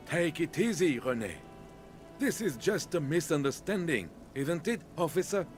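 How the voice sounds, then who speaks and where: Jolly chill peacemaker dude, man voicing him, soothing, lively up and down pitch. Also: moderate pace, soft background music, natural voice. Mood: placating. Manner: soothing, placating. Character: jolly male peacemaker, easygoing. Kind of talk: video game voice acting.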